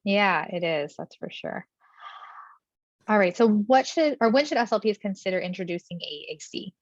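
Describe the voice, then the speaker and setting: A woman hosting a podcast interview, asking questions in a relaxed way with many fillers. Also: mid-range voice, moderate pace, no echo. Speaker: podcast host, speech-language pathologist. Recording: dull, dry remote mic.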